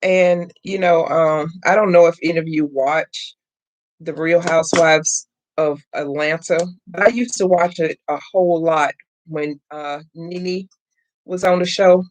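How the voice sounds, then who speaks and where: A middle-aged woman hosts a live crafting stream, talking slowly and easily to her viewers. Her voice sits a bit low. She chats casually and calls everyone y'all. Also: fairly even intonation, a little hiss or hum. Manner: chatty, addresses viewers as y'all, greets chat by name. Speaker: craft channel host.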